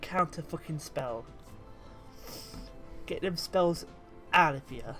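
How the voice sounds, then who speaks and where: A woman's voice: low voice, takes it slowly, fairly bright tone, soft background music, voice pushed down. A British woman voicing her cocky male tiefling wizard, mocking a foe. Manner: mocking and boastful.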